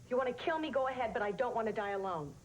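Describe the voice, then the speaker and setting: An actress playing a dramatic, self-aware aging actress who puts on brave airs. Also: female voice, on the high side, lively intonation, rapid-fire, heavy background noise, lightly acted.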